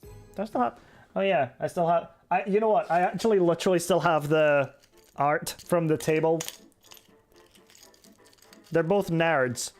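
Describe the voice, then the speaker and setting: Chatting his way through a game stream, this young man from Scotland reads chat messages aloud, replies to them, and laughs at himself in a chatty, self-mocking way. His voice is a touch higher than most men's, steady in tone and a little slow, with frequent pauses. Soft background music plays faintly underneath.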